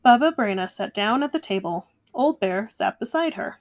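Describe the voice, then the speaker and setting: A woman reading a children's picture book aloud in a gentle, measured way. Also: mid-range voice, expressive. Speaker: storyteller. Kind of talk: storybook read-aloud.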